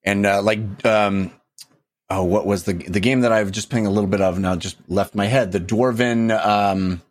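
A man in his thirties hosting a casual podcast chat, rambling and animated as he talks. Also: on the low side, normal speed. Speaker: podcast host.

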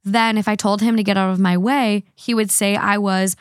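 A woman's voice: mid-range voice, steady tone, moderate pace, dry recording, clean studio sound. Tipsy woman hosting a casual chat. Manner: rambling, many fillers and word slips. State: a little drunk. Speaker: podcast host. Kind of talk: casual chat reading online comments.

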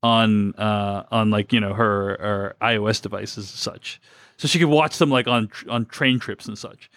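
A man with a lowish, fairly even voice co-hosts a film podcast, speaking at normal speed with a bit of brightness. The recording is dry and clean, studio-quality, as he chats casually about films, rambling with many fillers and restarts.

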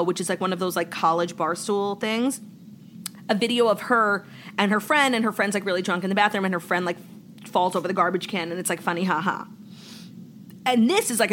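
Young female podcast co-host, casual storyteller, filler-heavy, faint hiss. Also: mid-range voice. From New York. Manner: chatty, heavy "like" filler, animated retelling.

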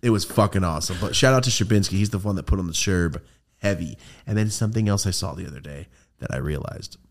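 A man hosting a podcast, telling a rambling, profane story in casual chat and getting animated as it builds. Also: low voice, quick pace, creaky. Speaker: podcast host.

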